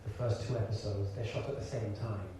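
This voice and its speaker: A man from Birmingham, an actor and director, telling animated stories to an audience on stage in a live conversation. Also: lowish voice, brisk. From Birmingham, England. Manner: animated storyteller, frequent restarts and laughter. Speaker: actor and director, interview guest. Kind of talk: onstage conversation before an audience. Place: large hall with audience. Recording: echoey hall from far off with background hiss.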